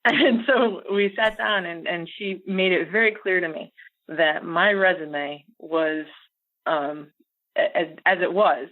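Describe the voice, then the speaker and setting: A middle-aged American woman telling a story as a podcast guest, animated and laughing often. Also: on the low side, slow pace. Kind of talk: casual storytelling interview. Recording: phone-like audio.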